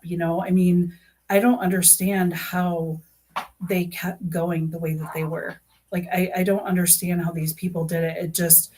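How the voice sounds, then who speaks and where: A woman streaming live, talking in a loose, rambling way packed with "um" and "you know". Her voice sits a little low for a woman. She sounds earnest and emotionally invested as she chats. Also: a little mellow. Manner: rambling, heavy fillers and restarts. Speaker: YouTube true crime streamer. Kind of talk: casual live-stream chat.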